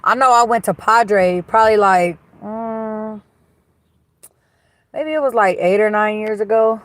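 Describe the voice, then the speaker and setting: A woman chats her way through a livestream from a car, talking into a phone at a middle pitch. She is blunt and gossipy, swears freely and answers viewer comments as they come in. The sound is dry and close, with no room echo. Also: unhurried. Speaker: livestream host. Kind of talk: casual live-stream chat reading comments. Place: inside a car.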